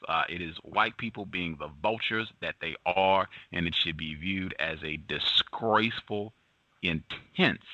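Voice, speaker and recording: Deep-voiced man hosting a talk show. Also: pushed and bright, dry recording. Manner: halting, with frequent fillers and emphatic repetition. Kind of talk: commentary on the news. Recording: dull lo-fi sound.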